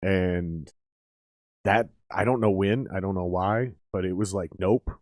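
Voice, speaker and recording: A man's voice: low voice, a little slow, no room sound, studio quality. A young man hosting a podcast, chatting casually with lots of swearing and calling his guest dude. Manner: animated, heavy swearing, calls guests dude. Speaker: podcast host. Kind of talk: casual chat.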